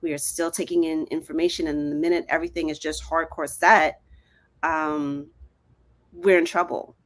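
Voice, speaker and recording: A woman comedian on a panel, speaking in a measured, thoughtful way. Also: low-pitched, steady tone. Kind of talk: casual panel discussion.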